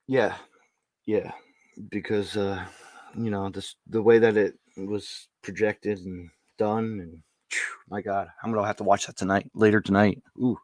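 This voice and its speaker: A man's voice: lowish voice, steady tone, measured pace, a little mellow, no room sound. A man hosting a podcast in a casual, rambling way, laughing often and saying "you know" a lot. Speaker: podcast host. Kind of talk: casual chat.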